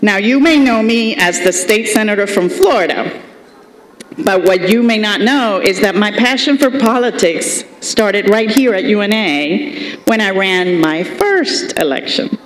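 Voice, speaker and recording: A woman's voice: medium pitch, lively intonation, measured pace. Middle-aged Colombian-accented woman, commencement speaker, humorous storyteller, roomy venue sound with long reverb. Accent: Colombian Spanish. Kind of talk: commencement speech. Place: large ceremony hall. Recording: echoey hall with long reverb.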